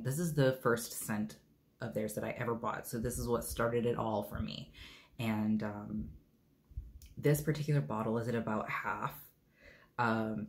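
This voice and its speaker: A man casually reviewing his favorite bath products, rambling with many ums and uhs and tossing in joking asides. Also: lowish voice. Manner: laid-back, joking asides.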